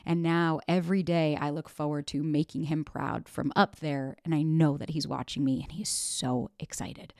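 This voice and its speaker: Blunt, animated woman podcast host. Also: sits low, normal speed, gravelly, hardly any pauses, no echo, clean studio sound. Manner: animated, blunt, swears freely. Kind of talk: casual candid chat.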